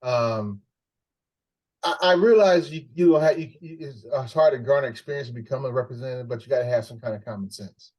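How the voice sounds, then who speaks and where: A man's voice: medium pitch, a little mellow, lo-fi sound. A man co-hosting a political podcast, speaking casually with many restarts. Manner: halting, many restarts and fillers. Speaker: podcast co-host.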